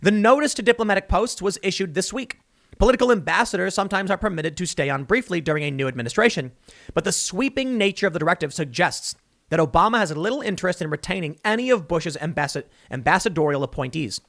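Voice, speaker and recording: Animated man doing political commentary. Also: fairly high pitch. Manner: emphatic, sarcastic, reads news excerpts aloud.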